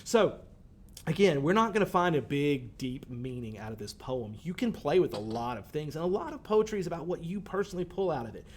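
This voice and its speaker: A man's voice: fairly high pitch, lively intonation, a little fast, husky. A male teacher, talking students through a poem in a conversational way, with fillers and lines read aloud. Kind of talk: recorded poetry lesson for students.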